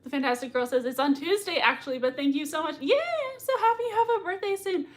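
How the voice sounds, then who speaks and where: A woman's voice: very high voice, lively intonation, fast talker. A woman hosting a casual livestream, reading viewer comments aloud in a giggly, gushing way and laughing often. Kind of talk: casual live watch-party chat.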